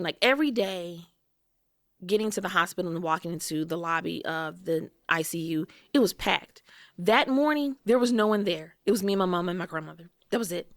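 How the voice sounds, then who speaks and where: Woman guest, casual storyteller who voices others' lines; medium pitch, dry recording. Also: brisk, dry recording. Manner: conversational, frequent "like", acts out quoted voices. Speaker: podcast guest. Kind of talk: personal storytelling.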